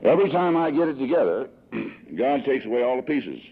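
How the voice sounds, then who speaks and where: Gravelly-voiced man in his sixties. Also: mid-range voice, big pitch swings, fairly quick, background noise. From Southern California. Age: 60s. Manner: emotional, heartfelt storytelling with sudden swells. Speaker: recovery meeting speaker. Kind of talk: personal testimony talk. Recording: tinny lo-fi 1982 archive tape.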